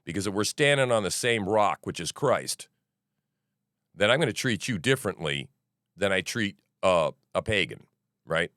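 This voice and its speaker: Middle-aged man, low voice, lively swings in pitch, casual profane rant, podcast host. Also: normal speed, no echo, clean studio sound. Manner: animated, profane, restarts and asides. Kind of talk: rambling news commentary.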